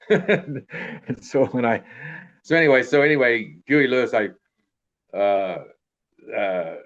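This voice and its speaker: A man's voice: medium pitch, slow pace, a bit bright. An older man, an actor, telling casual anecdotes in an interview in a rambling way, restarting sentences and trailing off with throwaway tags. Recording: dull lo-fi recording.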